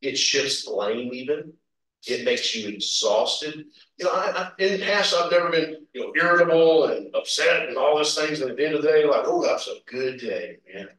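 Animated male preacher, somewhat high voice, echoey church sound. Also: moderate pace. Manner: animated storytelling with laughs and acted quotes. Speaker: pastor. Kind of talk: sermon. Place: church sanctuary. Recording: roomy echo, from a distance.

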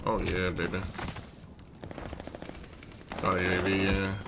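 A man giving profane, excitable commentary over his own gameplay, often breaking into yells. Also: deep voice, takes it slowly. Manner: profane, excitable, swings to yelling. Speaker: gaming streamer. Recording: game gunfire noise behind.

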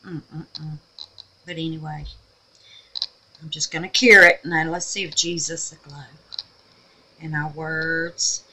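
Woman, craft vlogger, bright tone, homey chatty delivery, sweet-talks the viewers. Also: low-pitched, flat delivery, takes it slowly, pauses often, low-quality recording. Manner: chatty, calls viewers babies and honey. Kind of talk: casual crafting tutorial. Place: home craft room.

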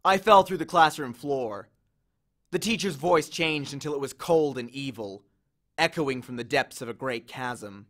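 A man narrating a novel in the first person in a measured, expressive storytelling manner. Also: mid-range voice. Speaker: audiobook reader.

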